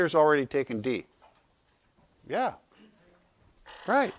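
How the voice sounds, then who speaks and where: Speaking at normal speed in a lowish voice, a man delivers a casual health talk to a small group, full of stories and self-answered questions. He animates his tales by performing quotes loudly. The audio is dull with no echo.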